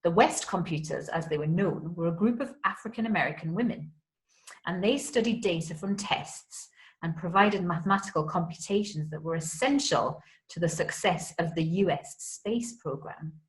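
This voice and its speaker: A woman's voice: on the low side, moderate pace, poor audio. A female primary school teacher giving a home-school history lesson, explaining things simply and kindly for children.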